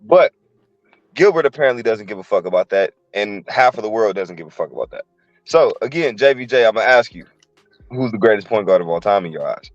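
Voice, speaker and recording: A man's voice: fairly low pitch, expressive, a little fast, dry recording, dull audio. A man hosting a casual sports debate podcast, blunt and profane as he steers the talk. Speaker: podcast host.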